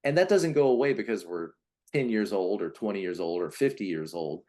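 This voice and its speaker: A man being interviewed as a personality coach, explaining in a conversational way, often restarting and now and then acting out quoted voices. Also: a little fast. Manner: animated, acts out voices of types with big pitch jumps; many restarts and repeated words. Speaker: Enneagram coach, guest.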